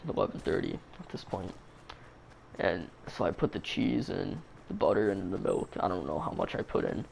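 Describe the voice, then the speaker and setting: Deep, gravelly-voiced guy rambling through a story. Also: darkish tone, a little hiss or hum. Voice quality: creaky. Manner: rambling, profane, full of fillers. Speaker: vlogger telling a story. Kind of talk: casual storytime.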